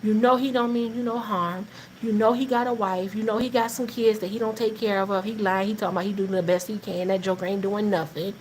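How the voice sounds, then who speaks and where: On poor audio with a bit of hiss or hum, a woman with a mid-range voice speaks briskly as host of a live faith talk. She mixes laid-back encouragement and comic family tales, laughing and preaching animatedly in Southern Black vernacular.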